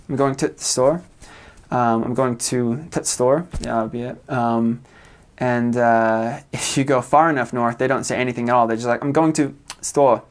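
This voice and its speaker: A young American man in his twenties, a returned missionary, giving a casual informational talk with lots of fillers and frequent chuckles. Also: medium pitch. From United States. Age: 20s. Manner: relaxed, many fillers, chuckles often.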